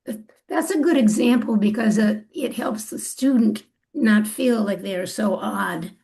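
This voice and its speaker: A woman speaking as a volunteer tutor in a casual group discussion on a video call, responding in a quick, encouraging way. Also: medium pitch, gravelly, dark tone.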